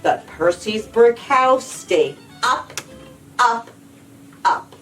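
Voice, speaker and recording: A woman librarian reading a children's storybook aloud in an expressive, sing-song way. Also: on the high side, drawn-out words, pauses often, far from the mic, soft background music, poor audio.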